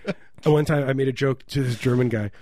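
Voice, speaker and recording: A man's voice: mid-range voice, fairly quick, mellow, no echo, studio quality. A man co-hosting a comedy podcast, rambling through absurd jokes in casual banter. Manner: rambling absurd riffing, frequent laughs.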